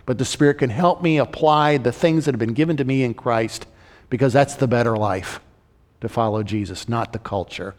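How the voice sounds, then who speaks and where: A man preaching a sermon, slowing down to read scripture aloud and lifting his voice on questions to the congregation. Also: mid-range voice. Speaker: pastor. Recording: long hall reverb.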